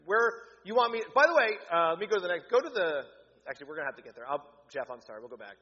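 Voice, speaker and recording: A pastor giving church announcements, upbeat and joking with the congregation. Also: male voice, high voice, sing-song, rapid-fire, pushed and bright. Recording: echoey hall, dull lo-fi sound.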